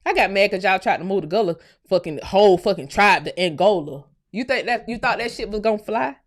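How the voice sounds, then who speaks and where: A woman from the United States hosting her own channel, delivering a profane, heated commentary rant that swings from low muttering to shouting. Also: lively intonation, brisk. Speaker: channel host. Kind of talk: ranting commentary vlog.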